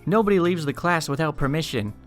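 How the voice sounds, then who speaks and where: A man's voice: fairly high pitch, brisk, a bit bright, faint music behind, pitched above the performer's own voice, close to an everyday voice. A man doing a stern rule-bound teacher. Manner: stern and clipped. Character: rigid rule-bound female school teacher.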